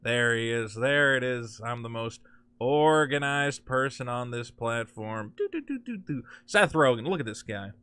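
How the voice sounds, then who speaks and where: A man's voice: mid-range voice, a little slow, bright, forceful tone, clear, resonant tone, no echo. A man hosting a commentary channel, ranting sarcastically and mocking the people he quotes. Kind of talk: ranting commentary with screen share.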